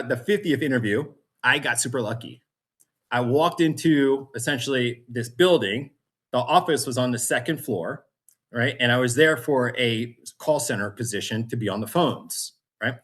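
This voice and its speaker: A man's voice: medium pitch, a bit bright. A man as a podcast guest, telling his story with energy, acting out other people's voices and laughing often. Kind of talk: storytelling interview.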